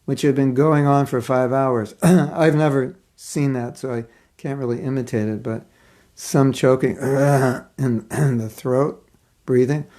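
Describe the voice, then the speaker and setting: A man giving a devotional class, reading a story aloud and commenting on it in an earnest, expressive storytelling manner with pauses. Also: mid-range voice. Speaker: spiritual teacher giving a class.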